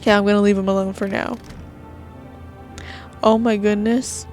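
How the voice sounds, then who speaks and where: A woman's voice: mid-range voice, level tone, moderate pace, a little mellow, faint music behind. A woman gamer giving nervous, jumpy commentary while playing a horror game, talking to herself.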